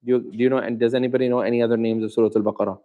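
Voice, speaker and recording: Man as a religious teacher leading a class, asks questions, repeats key terms slowly. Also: medium pitch, level tone, phone-quality sound. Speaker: Islamic teacher. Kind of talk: classroom Quran lesson.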